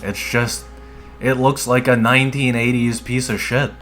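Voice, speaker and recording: A man's voice: medium pitch, level tone, measured pace, a bit bright, soft background music. A man casually chatting while he plays a game, rambling and laid-back and swearing often. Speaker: streamer playing a dungeon game. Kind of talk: casual gameplay commentary.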